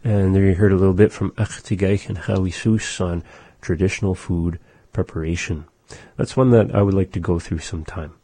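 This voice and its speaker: A man co-hosting a casual language-lesson chat, relaxed, explaining phrases and repeating them slowly. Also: sits low, slightly rough, no echo. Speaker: language show co-host.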